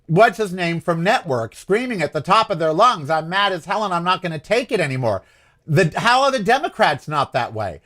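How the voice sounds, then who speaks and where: Male host, somewhat high pitch, loose self-questioning monologue, frustrated and rambling. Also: a bit bright. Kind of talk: casual political monologue.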